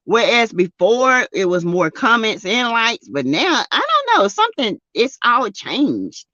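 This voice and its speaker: A woman with a Southern US accent hosting a casual live stream, greeting chatters by name and laughing loudly and often. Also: fairly high pitch, very animated, unhurried, no room sound, lo-fi sound. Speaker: YouTube live-stream host. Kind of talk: casual live-stream chat reading comments.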